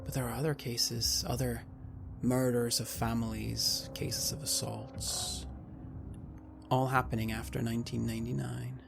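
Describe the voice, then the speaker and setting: Gravelly male game master narrating horror scenes over loud dark music. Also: medium pitch, flat delivery. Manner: measured, describing scenes to players.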